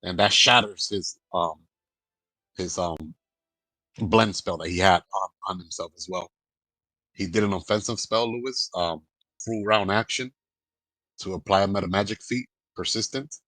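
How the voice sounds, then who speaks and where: A man's voice: low-pitched, a little slow, long pauses, sharp tone, no echo, low-quality recording. A man playing a tabletop game, describing his character's spell in a rambling way, full of ums and likes. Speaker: player.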